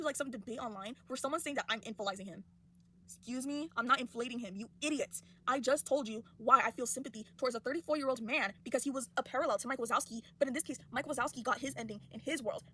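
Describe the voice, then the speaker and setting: A young woman talks fast and heatedly in a casual rant vlog. Her voice is high and bright. She gets worked up as she goes. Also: husky. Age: young adult. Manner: animated, indignant ranting. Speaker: college student.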